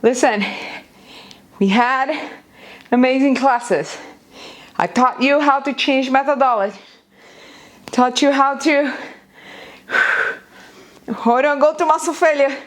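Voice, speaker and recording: Energetic woman coaching a live workout. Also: high-pitched. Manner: energetic coaching cues, counting down. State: out of breath at times. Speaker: fitness instructor. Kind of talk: live workout class instruction. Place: home, near a busy street.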